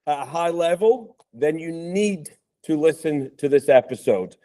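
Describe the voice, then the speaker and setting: Podcast host, scottish man, thirties, softened accent, mellow dark voice, chatty with lots of ums. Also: a little high, expressive, slow pace. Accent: Scottish, softened by years in the US. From Scotland. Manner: chatty, with frequent ums and restarts. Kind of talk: casual interview chat.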